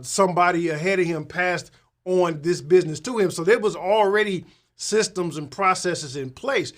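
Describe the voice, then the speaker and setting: High-voiced man talking in loose rambling style. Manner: rambling, many restarts and "right?" tag questions; animated when retelling a phone call. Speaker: tax professional host. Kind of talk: casual talk to an audience.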